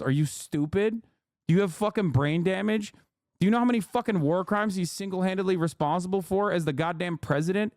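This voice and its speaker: A man's voice: high voice, a little mellow, no echo, clean studio sound. A man in his thirties streaming, ranting angrily and sarcastically at his chat about politics, with constant swearing. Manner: profane, heated, sarcastic. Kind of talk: angry political rant.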